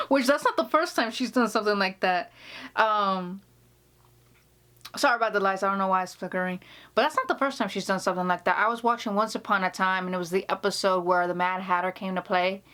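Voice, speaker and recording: A woman's voice: mid-range voice, very animated, moderate pace, pauses often, bright, forceful tone. A woman vlogger chatting casually indoors, telling a story with laughs and many restarts. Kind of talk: casual chat. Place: indoor room.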